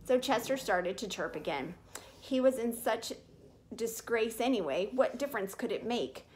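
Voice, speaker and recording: A woman reading a children's chapter book aloud in a clear, steady storytelling manner. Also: a little high, moderate pace, slight background noise. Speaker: reader.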